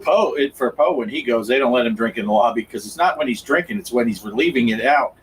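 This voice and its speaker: A man's voice: mid-range voice, lively intonation, fast talker, a little hiss or hum, poor audio. A man hosting a gaming podcast in casual chat, laid-back and teasing while he reads the chat. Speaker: podcast host reading chat.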